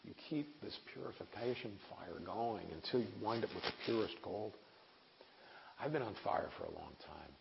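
A man's voice: lowish voice, lively intonation, normal speed, gravelly. A man in his forties preaching a sermon in an earnest, conversational way with wry asides. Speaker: preacher and missionary. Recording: echoey hall, dull lo-fi sound, faint hiss.

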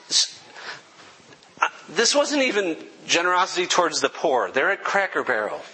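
A young man delivers a heartfelt sermon story in a bright, forceful voice, pitched a little above the usual male range. He speaks earnestly and pokes fun at himself, and his voice catches with emotion. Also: sing-song, normal speed, long reverb tail, a little hiss or hum, low-quality recording. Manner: earnest, self-deprecating, chokes up with emotion. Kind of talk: sermon testimony.

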